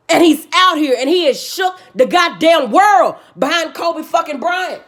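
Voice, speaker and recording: Playing the vlogger, a woman launches into a passionate rant full of profanity, hammering her points home and preaching. Her volume lurches between loud bursts and quiet, subdued passages, and she stays animated at a moderate pace with barely a pause.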